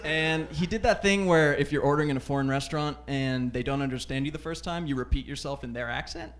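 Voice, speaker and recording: A man's voice: mid-range voice, quick pace, fairly bright tone. Self-deprecating stand-up comic, man. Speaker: stand-up comedian. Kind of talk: stand-up routine. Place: comedy club stage.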